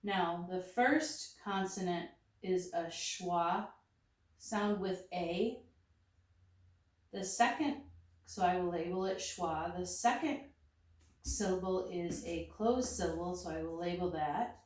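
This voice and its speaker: A woman's voice: fairly low pitch, slow pace, darkish tone. A woman teaching a lesson, working through each word step by step and naming every action aloud as she does it. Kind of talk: slow step-by-step phonics demonstration. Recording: very echoey room, voice from a distance.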